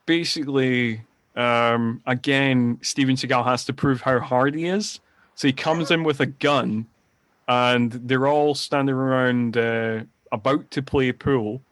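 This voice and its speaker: Male podcast co-host, medium pitch, dry close sound, rambling animated retelling of film scenes. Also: unhurried, no room sound. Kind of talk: casual film-review chat.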